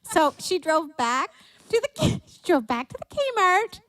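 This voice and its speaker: A woman's voice: extremely high pitch, sing-song, a little slow, fairly bright tone. A woman co-hosting a livestream show, telling a family story and laughing as she acts out the voices. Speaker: co-host of a livestream music show. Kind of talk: casual chat and storytelling.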